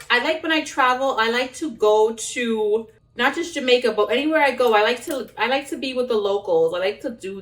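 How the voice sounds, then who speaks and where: A young woman cooking at home talks in a fairly high, fairly bright voice as a casual vlogger, rambling along with fillers and restarts. The recording sounds roomy and distant.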